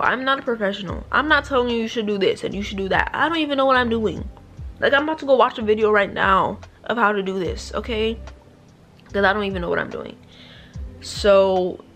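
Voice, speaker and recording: A young woman talks to her viewers in a relaxed home vlog. Her delivery is chatty and playful, with jokes at her own expense. Soft music sits quietly behind her voice. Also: medium pitch. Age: young adult. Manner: chatty, playful and self-deprecating. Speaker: vlogger. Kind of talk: casual vlog chat. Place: at home indoors.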